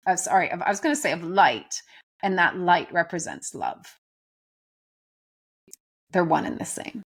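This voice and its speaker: A woman giving a gentle, earnest spiritual talk from home, speaking emphatically and often restarting her phrases. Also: on the low side, lively intonation, measured pace, husky. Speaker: spiritual teacher. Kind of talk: reflective spoken talk.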